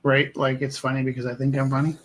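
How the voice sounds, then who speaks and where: A man's voice: mid-range voice, completely flat delivery, fast talker, fairly bright tone. A man chatting casually while making art on a live stream, musing aloud and poking fun at himself. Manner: musing, rambling, self-deprecating.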